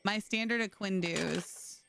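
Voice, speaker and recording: A woman's voice: medium pitch, slow pace, vocal fry, fairly bright tone. A woman streamer chatting casually with her viewers while playing, telling stories and laughing often. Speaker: game streamer. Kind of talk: casual livestream chat.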